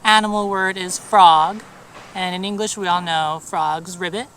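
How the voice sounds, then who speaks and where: A young Korean woman with a Korean accent, a language student calmly explaining and spelling out words in casual chat. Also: fairly low pitch, unhurried, slight background noise, low-quality recording.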